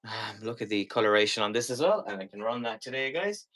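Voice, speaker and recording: Guy selling stuff on a live stream, bright sharp voice, rambly and jokey. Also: on the low side, animated, fast. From Ireland. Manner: chatty, playful, rambling.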